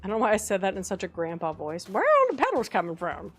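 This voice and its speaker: A woman's voice: mid-range voice, huge pitch swings, quick pace, slightly rough, soft background music. A woman streaming a game, chatting casually and gushing over her decorating, squealing when something looks cute.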